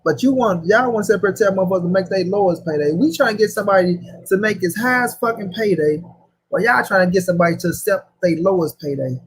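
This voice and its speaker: High husky-voiced man ranting. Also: fast, rough recording. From St. Louis, USA. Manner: profane, slangy, repetitive rant. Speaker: boxing commentary host. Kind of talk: casual boxing talk.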